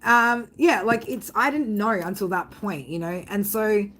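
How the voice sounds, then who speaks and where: A woman's voice: medium pitch, expressive, unhurried, a bit bright. Woman, psychic reader vlogging, casual storytelling, blunt and sweary, rambling. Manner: rambling, blunt, swears freely, frequent "right?".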